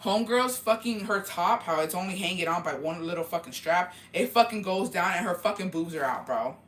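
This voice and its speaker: Woman vlogger, crisp bright tone, profane and heated casual storytelling. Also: fairly low pitch, lively intonation. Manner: profane, heated, rapid retelling.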